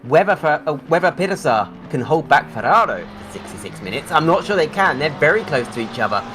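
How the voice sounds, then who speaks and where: A man's voice: a little high, big pitch swings, fairly quick, music in the background. A man co-commentating a live sim race, conversational and analytical.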